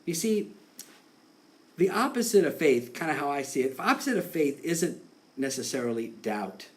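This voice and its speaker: A man preaching a sermon in a relaxed, conversational way, acting out quotes and laughing along the way. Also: a little high, fairly quick. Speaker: pastor.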